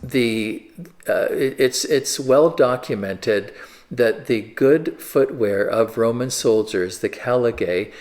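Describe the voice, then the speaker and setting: A man's voice: mid-range voice, slow, a little mellow. Man, pastor, casual sermon, loose conversational delivery, lots of ums and restarts. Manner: conversational, many fillers and restarts. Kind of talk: informal sermon teaching. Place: church.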